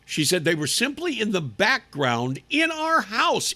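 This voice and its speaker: A man's voice: high-pitched, wildly swooping pitch, unhurried, sharp tone. A male radio talk show host giving sarcastic, indignant commentary with emphatic delivery.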